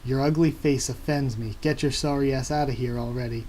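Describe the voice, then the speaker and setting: A man's voice: mid-range voice, steady tone, fairly quick, darkish tone, slight background noise, natural voice. A man reading as a cold, dismissive young cook.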